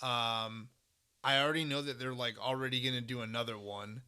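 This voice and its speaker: A man's voice: mid-range voice, fairly even intonation, fairly quick, sharp tone, clear, resonant tone. A man co-hosting a podcast in casual chat, rambling with many fillers and swearing for emphasis. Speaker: podcast co-host.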